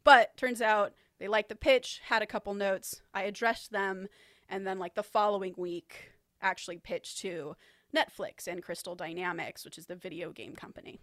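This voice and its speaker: A woman's voice: medium pitch, normal speed, fairly bright tone, dry recording, studio quality. Chatty woman co-hosting a podcast. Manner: chatty, laughs easily. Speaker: podcast co-host. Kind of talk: casual podcast conversation.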